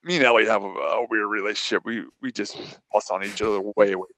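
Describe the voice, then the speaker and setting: This local racer, a regular podcast guest, talks fast with a fairly low, steady, slightly bright voice and no room sound. His casual story runs long and meandering as he restarts sentences and repeats what people said to him.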